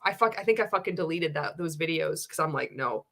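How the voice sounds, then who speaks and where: A woman's voice: low-pitched, quick pace, gravelly, sharp tone. A woman hosting a casual reaction livestream, swearing freely, laughing often and reading viewer comments aloud. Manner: profane, laughing often, candid; reads viewer chat aloud. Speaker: livestream host reacting to a show.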